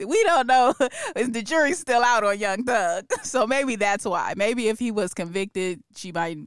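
A woman's voice: a little high, lively intonation, smooth, no echo, studio quality. A woman co-hosting a hip-hop news podcast, chatting casually with a laid-back manner and easy laughs. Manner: laid-back, laughs easily, drawn-out fillers. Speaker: podcast co-host.

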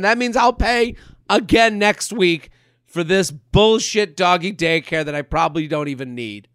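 A man with a notably high voice hosts a casual comedy podcast, reading listener emails and riffing with his guest in an animated, joking way. The sound is dry and close. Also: a little slow, clean tone, dry recording. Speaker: podcast host.

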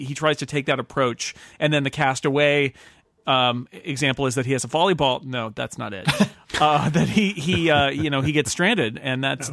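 A man's voice: fairly high pitch, fairly bright tone, no echo, studio quality. A man hosting a casual book club podcast, talking in a rambling way with many restarts. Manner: rambling, halting, laughs often. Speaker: podcast host.

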